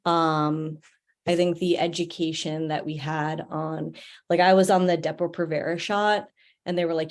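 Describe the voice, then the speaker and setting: A woman's voice: low-pitched, little pitch movement, normal speed. A woman veteran and mother on a panel, chatting casually over a video call and saying "like" often.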